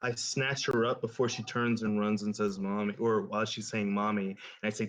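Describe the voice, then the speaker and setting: A man playing a tabletop game, speaking in first person as his character, calm and firm. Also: on the low side, brisk, few pauses. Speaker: player. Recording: dull lo-fi sound.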